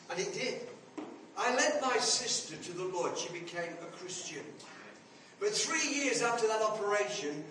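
A high-voiced older man in his seventies preaches with earnest, personal storytelling that swells into emphatic declarations. He sounds set back from the mic in a very echoey hall. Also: a bit bright, recorded from a distance, slight background noise. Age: 70s. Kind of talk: sermon.

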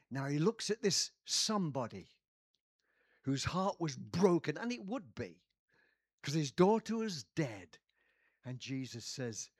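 A man preaching a sermon, telling a story dramatically and acting out quotes with sudden shouts. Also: medium pitch, expressive, measured pace, breathy edge, dry recording, studio quality.

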